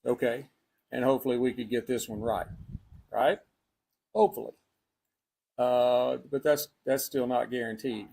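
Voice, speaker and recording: A man's voice: medium pitch, fairly even intonation, normal speed, creaky, long pauses, a little mellow, slightly rough. A man with a Texas accent hosting a cigar and spirits livestream, chatting casually outdoors and rambling through fillers and restarts. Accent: Texan. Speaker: cigar and spirits show host. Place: outdoors on a breezy day.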